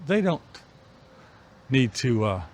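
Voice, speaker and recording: Middle-aged male vlogger, musing and unhurried, recorded outdoors with a faint hint of ambience. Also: mid-range voice, big pitch swings, darkish tone, slight background noise. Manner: musing, unhurried, pausing between phrases. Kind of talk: reflective walking vlog chat. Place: outdoors on an evening walk.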